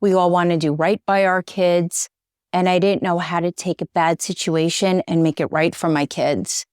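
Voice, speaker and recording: A woman's voice: on the low side, fairly even intonation, moderate pace, darkish tone, clear, resonant tone, no room sound, clean studio sound. A middle-aged woman, a journalist and interview guest, talking earnestly and getting choked up. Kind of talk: conversational interview.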